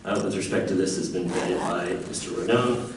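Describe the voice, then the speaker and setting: A man serving as township attorney, explaining the law at a council meeting in a measured, formal way. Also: sits low. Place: large council chamber. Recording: echoey council chamber, distant mic, hiss.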